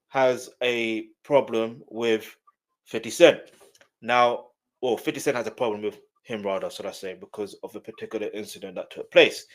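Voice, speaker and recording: Man, South London accent, reaction live stream, casual, animated, rambling. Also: medium pitch. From South London, England. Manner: animated, rambling, repeats phrases.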